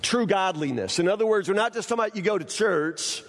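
A man's voice: high voice, animated, quick pace. A man preaching a sermon, folksy and conversational, repeating his words as he talks to the congregation. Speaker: pastor. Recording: echoey hall.

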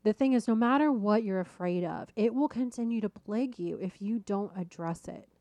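A woman coach and host tells a story in a loose, conversational way and often laughs at her own misadventures. Her voice sits at an ordinary middle pitch. It is recorded dry and close, with no room sound behind it. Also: normal speed, dark tone, no echo. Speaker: weight-loss coach and podcast host. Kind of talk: casual storytelling monologue.

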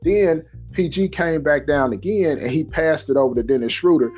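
Husky-voiced man telling a lively story. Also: a little high, moderate pace, highs cut off, faint music behind. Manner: animated, acts out other people's lines in a raised voice. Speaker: podcast host. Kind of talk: casual storytelling.

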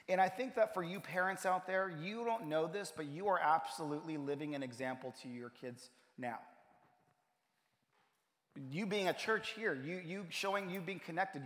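A pastor preaching a sermon in a church, telling a personal story and building to emphatic points. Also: male voice, fairly high pitch, fairly bright tone. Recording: long hall reverb.

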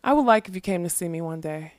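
A woman voicing a grim, haunted young king in a storybook reading, hoarse and pleading. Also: on the low side, expressive, fast, dry recording, close to an everyday voice.

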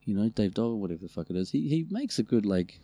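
A man's voice: fairly low pitch, fast talker, no echo. A man with a New Zealand accent telling funny family stories in casual chat, swearing freely. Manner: swearing, animated storytelling. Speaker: podcast co-host.

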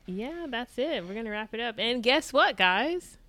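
A woman's voice: fairly high pitch, moderate pace, crowd noise. A young woman co-hosting a casual podcast, talking playfully and teasing her co-host. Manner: playful, laughs often, lively teasing. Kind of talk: casual chat.

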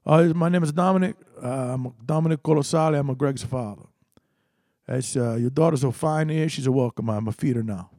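A man voicing a tough, protective older father with broken grammar and a blunt, menacing calm. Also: mid-range voice, brisk, no room sound, studio quality, natural voice.

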